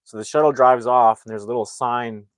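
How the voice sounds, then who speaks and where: A man's voice: mid-range voice, steady tone, brisk, dry recording. Rambling man recapping a movie. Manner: rambling, acts out character lines while retelling. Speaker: movie reviewer. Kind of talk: casual live-streamed movie recap.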